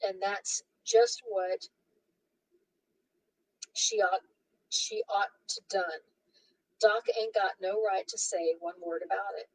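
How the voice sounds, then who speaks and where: A man's voice: sits high, steady tone, slow, long pauses, dry recording, full character voice, poor audio. A woman reading as a hot-tempered young husband. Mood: angry. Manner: angry threats, blustering.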